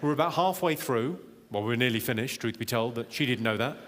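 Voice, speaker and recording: A man doing live stand-up comedy in a large auditorium, deadpan and teasing the crowd. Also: medium pitch, fast talker, heavy background noise. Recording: echoey live hall, loud audience laughter. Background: audience laughter.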